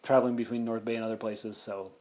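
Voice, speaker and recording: A man's voice: lowish voice, flat delivery, quick pace, warm tone. A man hosting his own podcast, chatting casually and jokily with two co-hosts, rambling with playful jumps in his voice. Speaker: podcast host. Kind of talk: casual chat.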